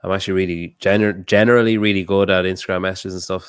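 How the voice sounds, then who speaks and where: A man's voice: low voice, steady tone, quick pace, clean tone, no room sound, clean studio sound. A man with an Irish accent from the north of Ireland, co-hosting a podcast in a loose, swearing, casual chat. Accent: Irish, Donegal area. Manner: laid-back, swears freely, trails off and restarts. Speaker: podcast co-host.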